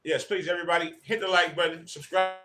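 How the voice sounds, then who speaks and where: A man's voice: a little high, steady tone, quick pace, over music. Chatty man hosting a fan livestream. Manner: chatty, greets viewers by name. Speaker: livestream host. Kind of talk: casual livestream chat.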